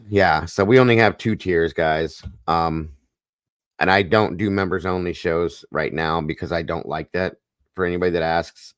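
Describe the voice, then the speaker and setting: Deep-voiced man hosting casual stream. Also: normal speed, no echo, clean studio sound. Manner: rambling, folksy, often clears throat. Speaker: live stream host. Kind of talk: casual chat.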